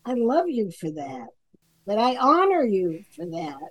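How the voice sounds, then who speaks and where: A woman co-host with a high, very expressive voice gushes praise. Her words come across effusive. The recording is dry and close. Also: a little slow, dry recording, poor audio.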